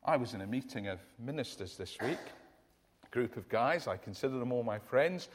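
A man's voice: mid-range voice, animated, fairly quick, in a large hall, a little hiss or hum. A man from the UK preaching a sermon in an earnest, emphatic way, often restarting his phrases. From United Kingdom.

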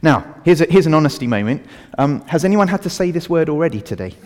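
A man's voice: a little high, quick pace. A man preaching an all-age sermon, asking the congregation questions and leading a prayer. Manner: animated, asks the congregation questions. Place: church hall. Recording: reverberant church hall.

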